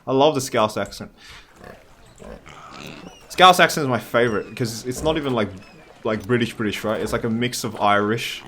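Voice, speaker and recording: A man's voice: mid-range voice, moderate pace, long pauses, fairly bright tone, slight background noise. A man giving casual gameplay commentary, thinking aloud with wry asides. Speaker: gaming channel host.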